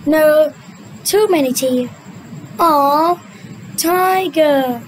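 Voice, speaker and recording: A young woman with a very high, light voice tells a children's cartoon story at a slow, unhurried pace. She speaks with a Vietnamese native's English, drawing the words out in a sing-song way and switching between character voices. A faint hum of noise sits behind her. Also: lively intonation, rough recording. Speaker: storyteller voicing a cartoon retelling.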